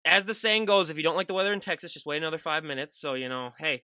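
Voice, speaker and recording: An upbeat male podcast host who jokes with his guest and keeps things moving. He talks quickly in a bright, slightly high voice. The sound is dry and close, with no room in it. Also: clear, resonant tone, no echo. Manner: upbeat, joking, rapid talker. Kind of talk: podcast interview. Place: lives in a cold northern US state.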